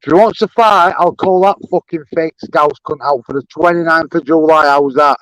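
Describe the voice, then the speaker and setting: A man's voice: a little high, steady tone, moderate pace, a bit bright, no room sound, rough recording. A young man, ranting angrily and swearing on a live-stream panel. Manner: angry, swearing, repetitive.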